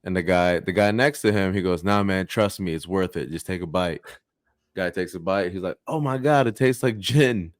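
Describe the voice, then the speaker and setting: Male podcast co-host, low pitch, dry close sound, crude storyteller. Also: dry recording. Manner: storytelling, swearing, acts out voices in jokes. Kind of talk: casual comedic chat.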